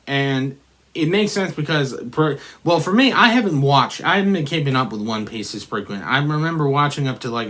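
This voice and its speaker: Bright-voiced man rambling in a reaction video. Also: mid-range voice. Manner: rambling, with many restarts and fillers. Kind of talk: casual reaction commentary.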